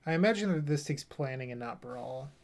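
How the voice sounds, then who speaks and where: A man's voice: mid-range voice, animated, fairly quick, creaky. A man casually commentating his own card game play, rambling with self-mocking asides. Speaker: gameplay streamer.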